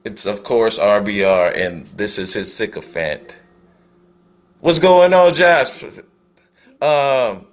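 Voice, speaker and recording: A man's voice: on the low side, expressive, slow pace. A man hosting a live stream at home, giving casual reaction commentary with rambling, apologetic asides and laughter.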